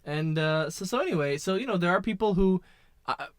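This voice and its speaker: Man, podcast co-host, measured casual talk, somewhat high voice, dry close mic. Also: expressive, clean tone, no echo. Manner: measured, fills with you know and right. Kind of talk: casual sports chat.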